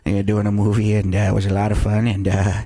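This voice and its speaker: A man's voice: lowish voice, completely flat delivery, quick pace, mellow, no echo, voice pushed down. A man impersonating a goofy, mumbling middle-aged comedic actor who stalls with lots of "uh"s. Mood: goofy, mumbly. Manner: mumbling, hesitant, full of "uh"s.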